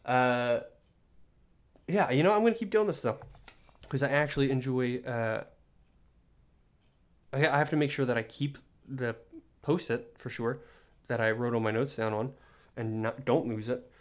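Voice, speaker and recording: A man's voice: mid-range voice, normal speed, pauses often. Young dude ranting solo on his podcast, rambly, annoyed, lots of restarts. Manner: rambling, exasperated, many restarts and fillers. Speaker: podcast host. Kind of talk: solo comedic rant.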